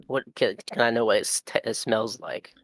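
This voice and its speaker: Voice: medium pitch, steady tone, normal speed, creaky. A tabletop player asking curious, playful questions in character. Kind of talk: casual tabletop play.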